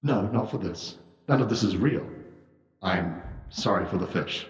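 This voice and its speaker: A man voicing a calm, uncanny male questioner in a tabletop game, speaking softly and cryptically. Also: sits low, measured pace. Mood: cryptic. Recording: echoey hall, dull lo-fi sound.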